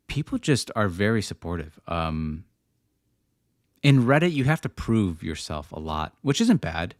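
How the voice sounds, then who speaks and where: A man with a fairly low voice answers viewers on a casual livestream. He rambles and slides into rants, restarting his sentences as he goes. The sound is dry and close. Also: dry recording. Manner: rambling, ranting, frequent restarts. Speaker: livestream host answering chat.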